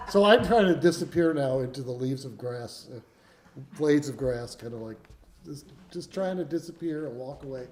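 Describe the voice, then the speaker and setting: Rambling folk musician telling a stage story. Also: male voice, medium pitch, expressive, moderate pace, very noisy. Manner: rambling, self-deprecating anecdote with frequent chuckles. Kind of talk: live concert storytelling. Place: concert stage before a live audience. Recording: roomy live venue sound with faint instruments.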